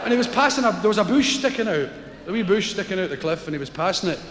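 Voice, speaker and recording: Scottish stand-up, lively pitch swings, animated storyteller; roomy hall with long reverb. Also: male voice, quick pace. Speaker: stand-up comedian. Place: concert hall stage.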